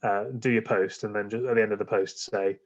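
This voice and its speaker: Guy on a podcast with a lowish voice, lots of ums and restarts, muffled lo-fi sound. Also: steady tone, fast talker. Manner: rambling, many fillers and restarts. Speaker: podcast guest. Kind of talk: casual interview chat.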